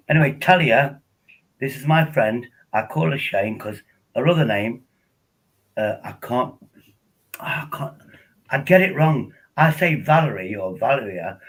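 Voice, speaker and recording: A man's voice: lowish voice, low-quality recording. An older man, chatting casually and rambling on a live stream from home at his laptop.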